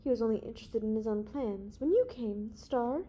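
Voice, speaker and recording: An anxious, defensive older scientist, as a woman reads him, hesitant and strained. Her reading voice stays warm and mellow in the audiobook. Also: a little high, moderate pace, a little hiss or hum, natural voice. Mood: confiding. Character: older male observatory director, anxious, defensive.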